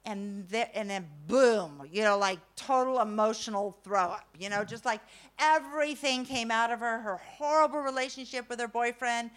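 A middle-aged woman telling a funny personal story to an audience, animated and self-mocking, swinging from loud to hushed. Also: on the high side, normal speed.

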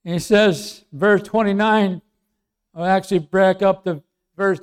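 High-voiced slow preaching man. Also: steady tone, clean tone. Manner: swings from loud emphatic preaching to soft quiet asides. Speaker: pastor. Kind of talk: sermon.

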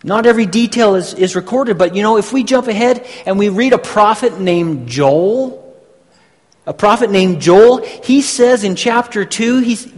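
A man preaching a sermon, teaching slowly and deliberately with emphatic pauses. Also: sits high, a little mellow. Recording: long hall reverb.

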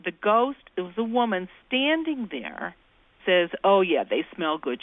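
A woman guest tells her ghost stories in a chatty, folksy way, slipping into the voices of the people she quotes. She comes through a narrow, phone-like line that sounds dry and close. Her pitch sits in a middle range. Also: very animated, a little slow, dry recording. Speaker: guest, ghost-talking cookbook author. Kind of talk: anecdotal storytelling in an interview.

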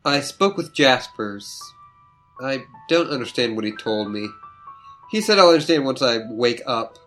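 A dry, sardonic young woman , voiced by a reader, speaking in long, ironic, wordy sentences. Mid-pitched and even, with faint music behind. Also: a little slow.

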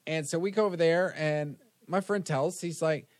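A young man in casual chat, telling a story in a relaxed way. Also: a little high, moderate pace, hardly any pauses, no echo.

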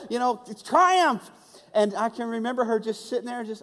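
A man preaching a conversational, animated sermon and acting out the voices he quotes. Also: high-pitched, quick pace. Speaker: pastor. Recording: long hall reverb.

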